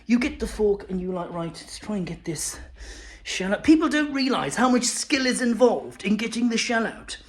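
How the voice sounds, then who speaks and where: Brief: man impersonating a fussy middle-aged stand-up comic, fast and high, peaks into squeaks. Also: lively intonation. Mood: exasperated. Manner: breathless, exaggerated, rising to shrill peaks. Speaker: comedian. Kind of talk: stand-up impression.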